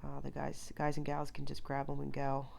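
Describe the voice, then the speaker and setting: A woman with a cold and a nasal, stuffy voice, narrating her homemade holiday gifts in a relaxed, plain way. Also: very deep voice, normal speed, vocal fry, a little hiss or hum. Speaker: homestead vlogger. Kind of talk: casual voice-over narration.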